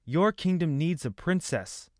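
Male narrator doing a proud queen mother: commanding, forceful, dry close read. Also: on the high side, expressive, measured pace, no echo, voice pushed up. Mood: lecturing.

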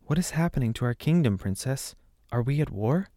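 A man's voice: medium pitch, lively intonation, a little fast, dark tone, no room sound, clean studio sound, voice pushed up, close to an everyday voice. A man reading the part of a timid young maidservant who pleads anxiously in a storybook. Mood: worried.

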